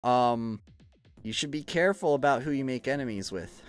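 A man's voice: mid-range voice, animated, moderate pace, clear, resonant tone, soft background music. A young adult man streaming, chatting casually while gaming, rambling with lots of fillers and swearing freely.

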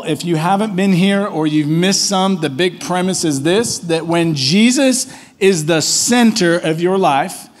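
A man preaching a conversational sermon as pastor in church, telling stories casually and often tagging on questions. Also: high-pitched. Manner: casual storytelling, frequent tag questions.

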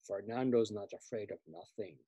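A man voicing a scheming male bull pitcher in a storybook, thinking aloud slowly and boastfully. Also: steady tone, mellow, dry recording, natural voice. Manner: slow, low, boastful inner monologue.

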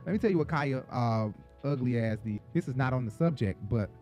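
A man from Atlanta, hosting an entertainment gossip show in a chatty, profane, animated storytelling manner. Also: mid-range voice, brisk, faint music behind. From Atlanta, Georgia. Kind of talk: casual gossip commentary.

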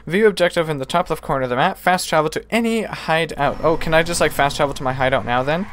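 A man's voice: a little high, fast, a bit bright, a little hiss or hum. A young man giving jokey, self-mocking let's play commentary, laughing often. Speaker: gameplay commentator.

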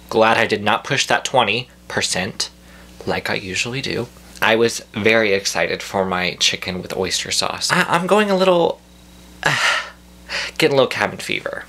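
A young man doing a deadpan, profane comedic rant to camera at home, full of mock outrage. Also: lowish voice. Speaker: comedy vlogger. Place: at home indoors.

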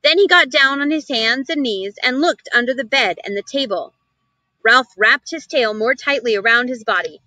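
A woman reading a children's novel aloud in an expressive storybook style. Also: fairly high pitch, normal speed, dry recording, rough recording. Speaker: reader.

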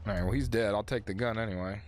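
A man speedrunning a game and commenting casually, excitable and swearing, shouting when a run goes wrong. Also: lowish voice, fast, a little hiss or hum. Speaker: speedrunner streaming his own game runs.

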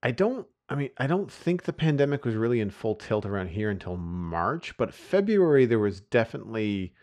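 Low gravelly-voiced man chatting. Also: big pitch swings, moderate pace, a little mellow. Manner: easygoing, thoughtful, searches for words. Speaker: podcast co-host. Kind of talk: casual chat.

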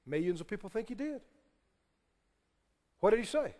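A man's voice: high-pitched, sing-song, normal speed, mellow, long reverb tail. A man preaching a sermon, emphatic and firing questions at the congregation. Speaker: pastor.

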